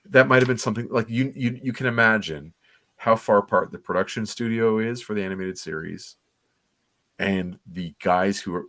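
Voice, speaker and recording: A man's voice: deep voice, a bit bright, no room sound. A man co-hosting a comics livestream, giving rambling, enthusiastic, nostalgic commentary on an old cartoon. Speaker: comics podcast co-host.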